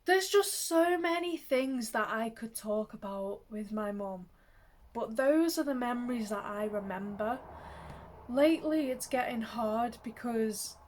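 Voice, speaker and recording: A young woman speaks in a gentle, reflective way, slipping small soft laughs between her thoughts. Her voice sits a little high and she takes her time, letting words come out slowly. It has the easy feel of a personal vlog talked straight to camera. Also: expressive. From England, Manchester. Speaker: vlogger.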